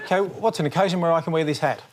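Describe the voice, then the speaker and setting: A man's voice: fairly high pitch, racing, very noisy. A man competing on a comedy spelling quiz, spelling aloud in a rambling, jokey way. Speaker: contestant. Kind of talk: playful spelling out loud.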